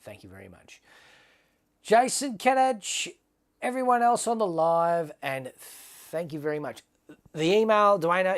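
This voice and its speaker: A man hosts a live giveaway stream, talking casually and upbeat to his viewers. His voice sits a little higher than most men's, and he keeps calling people mate. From Australia. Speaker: livestream host. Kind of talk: casual livestream giveaway chat.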